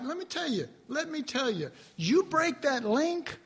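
A man teaching the Bible in an earnest, animated, conversational way, often clearing his throat. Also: very high-pitched, normal speed, hardly any pauses. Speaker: preacher.

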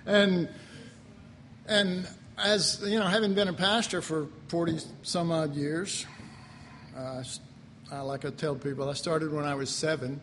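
An older pastor delivers a sermon in a homey, storytelling way, chuckling and clearing his throat as he goes. His voice sits fairly high for a man and rings with a long reverb, as in a church sanctuary, over a faint hum of ambience. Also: steady tone, slow pace, pauses often, a bit bright.

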